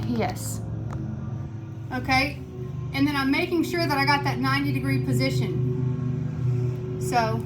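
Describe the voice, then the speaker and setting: A young woman coaching a home workout in a blunt, chatty way, out of breath and counting reps aloud. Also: sits high. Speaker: fitness instructor. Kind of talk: casual workout instruction.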